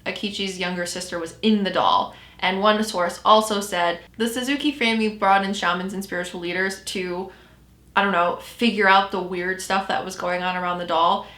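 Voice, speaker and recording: A woman tells a story in a loose, conversational way and often stops to correct herself. Her voice is bright and forward. The sound carries noticeable room echo. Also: mid-range voice, fairly even intonation, normal speed. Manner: chatty, self-correcting storyteller. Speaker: podcast host. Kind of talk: casual storytelling chat.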